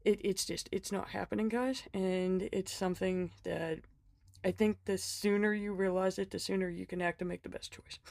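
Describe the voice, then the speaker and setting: Here a woman with a creaky, darkish, mid-range voice talks about her budget planner in a relaxed vlog, keeping a steady tone at normal speed. She's ill and winded, yet chatty and self-deprecating, often laughing and saying um. The recording is dry and studio-clean.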